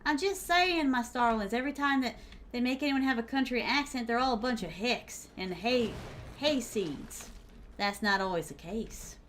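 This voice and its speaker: A young woman from the American South with a Southern accent, talking over her gameplay. Her voice sits a little high and swings widely in pitch. She teases the other players and calls her viewers by sweet pet names. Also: lively intonation, normal speed, fairly bright tone, slight background noise. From Southern United States. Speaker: streamer. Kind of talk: live gameplay commentary.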